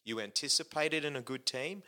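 Bright-voiced male church podcast host. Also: fairly high pitch, brisk. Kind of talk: casual ministry podcast chat.

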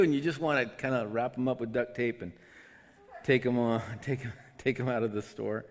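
A man preaching a sermon, swinging between loud, emotional outbursts and quiet, conversational asides. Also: mid-range voice, fairly even intonation, moderate pace. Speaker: pastor. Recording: long hall reverb.

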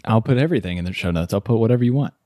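Laid-back swearing podcast host. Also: male voice, fairly low pitch, expressive, racing, warm tone. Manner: laid-back, swears freely, laughs a lot. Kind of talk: casual podcast chat.

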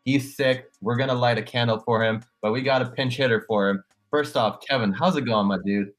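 A man's voice: medium pitch, fairly even intonation, fairly quick, soft background music. A Canadian man hosting a sports podcast, chatting casually and joking with his co-hosts, sometimes stumbling over his words. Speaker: podcast host.

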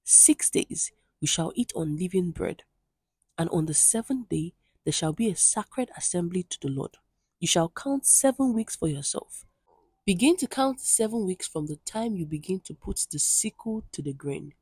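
Woman, low-pitched, breathy-husky, dry close recording, scripture reading with earnest asides. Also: animated, normal speed, darkish tone, no echo. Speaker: Bible devotional reader.

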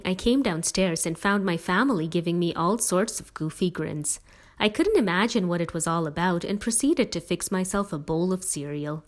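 A woman reading a first-person story aloud in a steady, plain narrating voice. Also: fairly low pitch. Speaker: audiobook reader.

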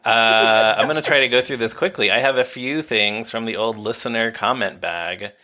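A man co-hosting a podcast, chatting casually and briskly reading out listener mail. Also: on the low side, pushed and bright. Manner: brisk, reads listener comments aloud. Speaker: podcast co-host.

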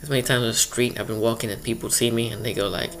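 Brief: man, mid-pitched, one-man stand-up chat, meandering delivery, faint hiss behind. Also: steady tone, quick pace, vocal fry, a bit bright. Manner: rambling, loose, full of "you know" asides. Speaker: comedian. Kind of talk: comedic monologue.

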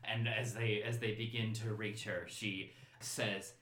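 A man narrating as game master, describing scenes in a halting, descriptive way with restarts. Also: fairly low pitch, flat delivery, fairly bright tone, echoey room.

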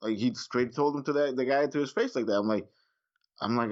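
A man chatting casually on a podcast, telling stories in a rambling way and often clearing his throat. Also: mid-range voice, fairly quick. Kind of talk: casual chat. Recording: dull lo-fi sound.

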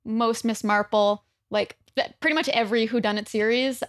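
A woman's voice: on the high side, normal speed, no echo. Dry-sounding young-ish woman chatting. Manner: relaxed, uses filler "like" often. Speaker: podcast co-host. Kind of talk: casual movie chat.

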